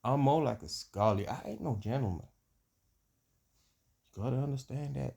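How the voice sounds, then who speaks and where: A man's voice: mid-range voice, vocal fry, warm tone, breathy edge. A man putting on a slangy American drawl as a brash streetwise man. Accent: put-on American. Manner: boastful, slangy, slow and drawling.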